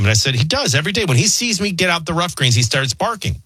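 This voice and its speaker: A man's voice: fairly high pitch, very animated, fast talker, sharp tone, slightly rough, no echo. A man hosting a morning radio show, reading an ad in an earnest, persuasive way. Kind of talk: host-read radio ad. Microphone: dry studio microphone.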